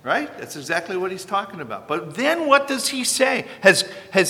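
A man preaching a sermon as pastor, earnest and emphatic with sudden loud peaks, in a church sanctuary. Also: on the high side, sing-song, fairly quick, few pauses. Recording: long hall reverb from a church.

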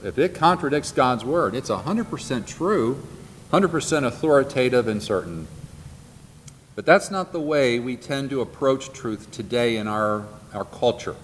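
A man leads a Bible class in an earnest, deliberate manner, and he slows down and repeats the points he wants to stick. His voice sits in a middle register. It carries a long hall reverb with faint background noise underneath. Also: mid-range voice, animated. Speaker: Bible teacher.

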